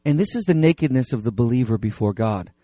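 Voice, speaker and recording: A man's voice: medium pitch, animated, fast talker, warm tone, no room sound, studio quality. A middle-aged man preaching a sermon as pastor, in a conversational way with frequent fillers and restarts.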